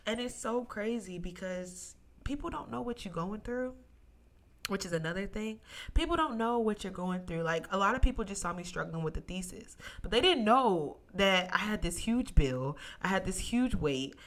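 A woman's voice: mid-range voice, moderate pace. A young woman hosting a solo podcast, telling a personal story with emotion, close to tears at times, and calling her listeners "y'all". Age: young adult. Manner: emotional, near tears, testimony-like; animated, addresses listeners as y'all. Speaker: podcast host.

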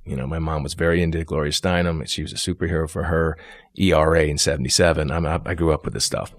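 A deep-voiced actor from New York tells his stories at a quick clip, jumping into quoted voices as he goes. The sound is dry and close, with no room around him. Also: no echo. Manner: animated storyteller, acts out quoted lines. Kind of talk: casual interview chat.

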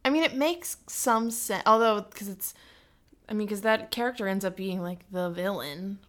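A woman's voice: mid-range voice, lively intonation, normal speed, fairly bright tone. Chatty woman podcast co-host. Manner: chatty, asks questions, reacts briefly. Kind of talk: casual chat.

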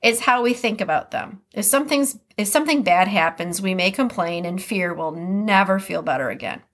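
A woman's voice: medium pitch, expressive, normal speed, fairly bright tone. A woman with a Midwestern American accent talks through a solo podcast episode in a loose, conversational way. She reads short passages aloud, then stops to react to them and reflect in her own words. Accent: Upper Midwest American. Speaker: podcast host. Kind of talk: casual podcast monologue.

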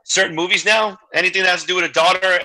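A man's voice: high voice, steady tone, racing, pushed and bright, no echo, poor audio. A man in his forties, a guest in a casual interview, telling candid, emotional stories full of quoted dialogue. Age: 40s. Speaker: guest entertainer.

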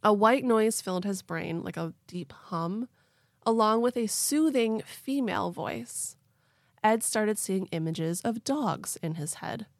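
A woman's voice: mid-range voice, expressive, takes it slowly, no echo, clean studio sound. A woman hosting a podcast, telling a story in a chatty, playful way with lots of fillers. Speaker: podcast host. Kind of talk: casual storytelling chat.

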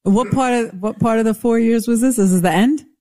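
A woman's voice: a little high, warm tone. A woman with a New York accent co-hosting a radio talk show, sassy and playfully needling. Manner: sassy, playful, quick-witted. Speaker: radio co-host. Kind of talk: casual on-air banter.

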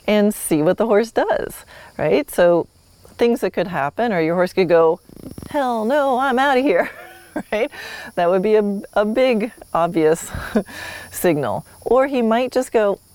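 A woman's voice: mid-range voice, animated, measured pace, warm tone, dry recording. A woman teaching horsemanship in a friendly, easygoing way. She laughs often and acts out how a horse might reply. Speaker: horsemanship instructor. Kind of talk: teaching an online course lesson.

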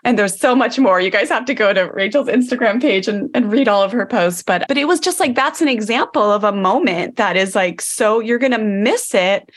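A woman hosts a podcast in a casual, chatty way and leans on fillers. She breaks into bright, animated quotes of her own thoughts. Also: medium pitch, brisk, hardly any pauses. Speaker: podcast host. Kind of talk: casual chat.

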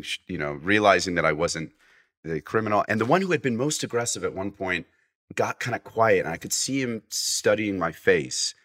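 A man sits in as a guest and tells a winding anecdote. His voice sits low but sounds bright and edged. He stumbles, restarts and slips into acted-out lines from the people he describes. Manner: rambling with restarts and acted-out quotes. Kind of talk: casual storytelling.

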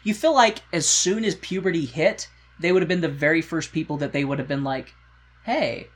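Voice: mid-range voice, a little fast, husky. Joking podcast co-host. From United States. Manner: joking, profane, rambling storytelling. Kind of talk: casual chat recapping a musical.

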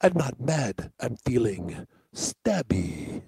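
A man putting on the voice of a menacing mobster with a low, gravelly growl. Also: big pitch swings, takes it slowly, darkish tone, no room sound, studio quality, exaggerated voice.

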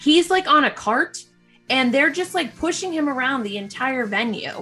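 A woman's voice: high-pitched, expressive, normal speed, bright, forceful tone, faint music behind. Gushing woman telling a story. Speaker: podcast co-host. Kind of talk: casual podcast chat.

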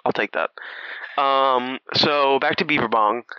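A man's voice: medium pitch, measured pace, clear, resonant tone. A man co-hosting a podcast in casual chat, joking and rambling with frequent laughter. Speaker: podcast co-host. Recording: slightly dull lo-fi sound.

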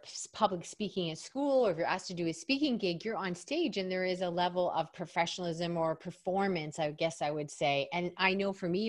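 A woman hosting a podcast interview in an animated way, laughing often and asking guiding questions. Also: on the low side. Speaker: podcast host.

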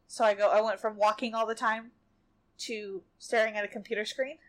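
A pregnant, tired woman co-hosting a casual podcast, an animated storyteller who laughs often. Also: medium pitch, fairly quick. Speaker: podcast co-host. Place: home bedroom.

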